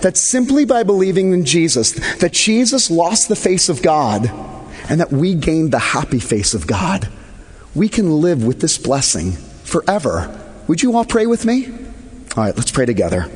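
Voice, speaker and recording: Male pastor, children's sermon; gently playful, lively pitch, husky, church echo. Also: moderate pace. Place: church sanctuary.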